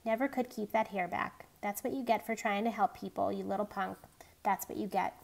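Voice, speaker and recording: A woman's voice: medium pitch, fairly even intonation, brisk, gravelly. A woman reading a tough, reckless teenage greaser boy aloud, blunt and streetwise. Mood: bitter.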